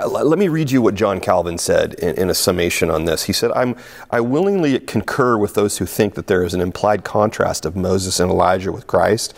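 A man preaching a sermon as pastor, talking in a lively, conversational way with frequent fillers and restarts. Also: on the low side. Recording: long hall reverb.

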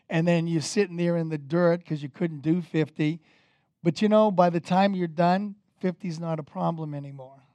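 A man preaching a sermon as pastor, energetic and conversational, with casual fillers. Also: high voice, no echo.

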